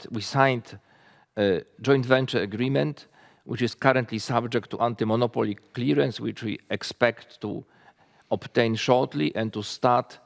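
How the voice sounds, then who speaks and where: Gravelly male executive in a reverberant hall. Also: medium pitch. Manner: halting, frequent fillers and restarts. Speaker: company executive presenting results. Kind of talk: results presentation.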